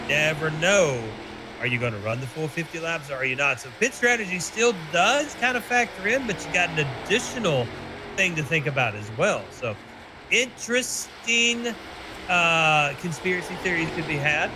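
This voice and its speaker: A race commentator from Tennessee, a man with a somewhat high voice, calls the laps and pit stops in a loose, joking manner. A steady hiss of background noise sits under his voice throughout. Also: moderate pace. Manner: chatty, joking, teasing his co-host. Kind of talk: sim racing broadcast commentary.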